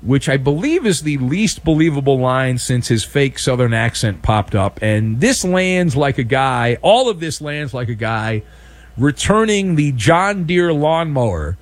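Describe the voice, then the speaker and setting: A man's voice: on the high side, a little slow, no room sound. A man hosting a sports talk show, delivering a sarcastic, opinionated monologue and acting out mock exchanges. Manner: animated, sarcastic, acts out mock dialogue.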